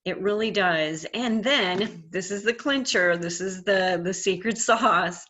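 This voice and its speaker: A woman's voice: medium pitch, a little slow, a bit bright. A middle-aged woman hypnotherapist giving a casual, earnest business lesson to camera, speaking with confident emphasis. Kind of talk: casual instructional talk to camera. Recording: dull lo-fi audio.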